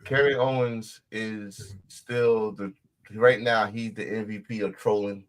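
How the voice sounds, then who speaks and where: A man co-hosting a casual wrestling podcast, animated and profane, breaking into shouts and laughs. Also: lowish voice, slow, low-quality recording. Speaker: podcast co-host.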